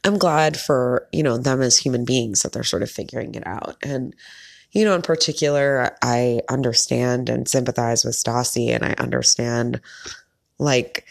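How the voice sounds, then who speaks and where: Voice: medium pitch, fairly even intonation, normal speed, gravelly. A podcast host talking casually on their own, chatty and opinionated, with lots of filler words. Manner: opinionated, candid. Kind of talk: casual solo commentary.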